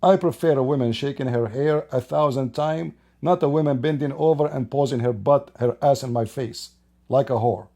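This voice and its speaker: An online commentator with a mellow, mid-range voice speaks at a normal speed. He delivers an opinionated monologue, emphatic and scornful, firing off rhetorical questions in plain, broken grammar.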